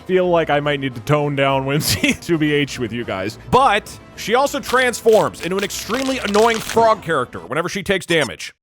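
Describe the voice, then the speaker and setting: Brief: lively male game master, high and bouncy voice, playful joking narration. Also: normal speed, faint music behind. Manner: animated, joking, laughs often.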